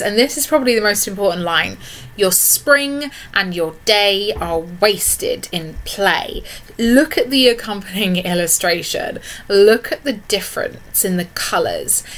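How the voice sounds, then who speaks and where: A woman's voice: mid-range voice, a bit bright. Woman teaching a poetry lesson. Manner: explanatory, frequent "okay" check-ins. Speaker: English literature teacher. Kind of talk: recorded online lesson.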